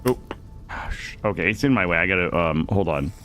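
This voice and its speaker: A man streaming a survival game live, chatting with viewers in an excitable, jokey way and arguing his case to chat. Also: deep voice, normal speed, slight background noise. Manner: excitable, jokey, defensive with chat, yelps and laughs. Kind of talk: live gameplay commentary.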